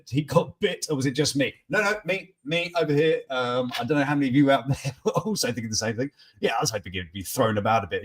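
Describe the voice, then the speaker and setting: A man's voice: fairly high pitch, breathy edge. A man hosting a casual live news chat, joking and reacting to viewers' comments in a chatty way. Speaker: host of a morning news chat stream.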